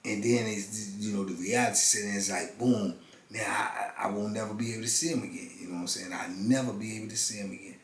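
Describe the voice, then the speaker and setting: Earnest low-voiced man in his fifties. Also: steady tone, slight background noise. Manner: halting, earnest, many restarts and "you know what I'm saying". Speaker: formerly incarcerated channel host. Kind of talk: personal storytelling. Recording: roomy room with faint ambience.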